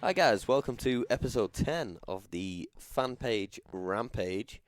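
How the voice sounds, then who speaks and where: A man's voice: lowish voice, animated, slow, soft background music. A drunk man hosting a casual podcast. He rambles, loses his train of thought and laughs a lot. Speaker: podcast host. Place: home studio.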